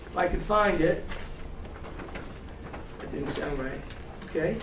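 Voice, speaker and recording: A middle-aged man giving an energetic, salty sales training talk to a room, full of stories. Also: a little high, slow pace, distant mic. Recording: echoey room recorded from afar with faint hiss.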